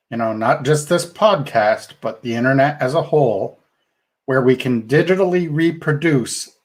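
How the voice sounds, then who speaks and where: A man co-hosting a podcast, talking in a thoughtful, measured way with frequent restarts. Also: medium pitch. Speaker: podcast co-host. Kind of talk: casual podcast discussion.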